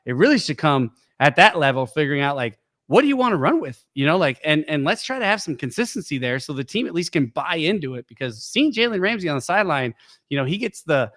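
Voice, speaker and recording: A middle-aged man co-hosting a sports podcast in casual chat, an animated storyteller who jumps into high voices to act out quotes. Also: quick pace. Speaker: podcast co-host.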